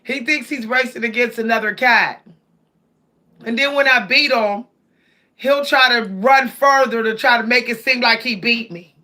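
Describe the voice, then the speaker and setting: Woman, casual vlog chat, animated, high pitch, bright voice. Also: moderate pace. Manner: animated, laughs often, addresses viewers directly. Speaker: cat owner vlogger. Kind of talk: casual storytelling to viewers.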